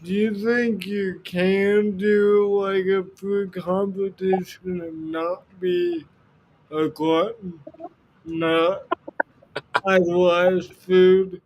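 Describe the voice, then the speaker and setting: A man with a high voice chats as a co-host, speaking very slowly. He mostly answers briefly and laughs easily, now and then putting a question. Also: muffled recording. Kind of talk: casual chat.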